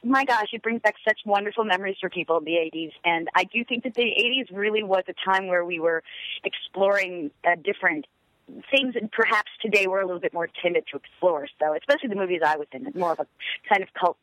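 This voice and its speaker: A middle-aged actress calling in as a guest, chatting enthusiastically with many fillers. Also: female voice, mid-range voice, fast talker, fairly bright tone, dry recording, poor audio. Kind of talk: phone-in interview.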